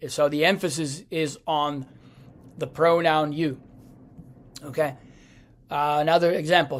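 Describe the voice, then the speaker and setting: Male language teacher, slow deliberate delivery, hesitant restarts, explaining a lesson. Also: a little high, steady tone.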